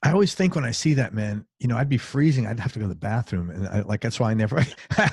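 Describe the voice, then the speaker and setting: A man's voice: mid-range voice, lively intonation, quick pace, a little mellow, husky, no room sound, clean studio sound. A man interviewing a guest in loose, chatty talk, often saying "man". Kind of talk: casual interview chat.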